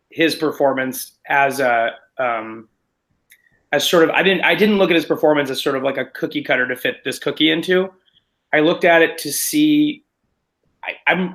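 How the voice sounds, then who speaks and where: A man, a stage actor, chatting in an interview in an animated, self-deprecating, rambling way. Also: on the high side, rough recording. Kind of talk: casual interview chat.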